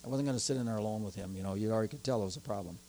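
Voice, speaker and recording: A man preaching a sermon as pastor, telling stories from his church in an animated way and growing excited as he goes. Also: on the low side, very fast. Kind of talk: sermon with personal storytelling.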